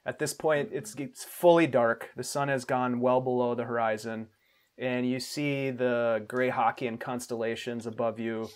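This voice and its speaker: A man running a tabletop roleplaying game as game master, describing scenes in an unhurried way with small restarts. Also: medium pitch, little pitch movement.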